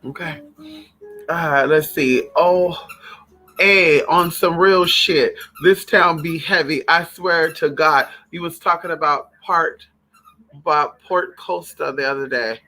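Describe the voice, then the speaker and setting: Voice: mid-range voice, slow pace, faint music behind. A vlogger in a casual, profane rant to the camera, breaking off to call to their own dogs. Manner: animated, profane, talks to own dogs between remarks.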